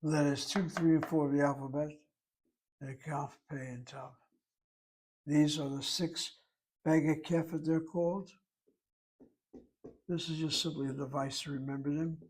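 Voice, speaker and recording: A man teaching Hebrew in a relaxed lecture, explaining terms patiently and asking rhetorical questions along the way. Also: a little high, measured pace, long pauses, husky.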